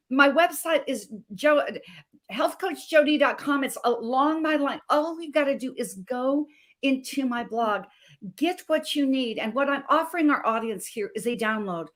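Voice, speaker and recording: Middle-aged woman health coach from Montana, higher-pitched, fervent and dramatic storyteller. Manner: fervent, dramatic, shifts from hushed to emphatic. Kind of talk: emotional personal storytelling. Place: video call.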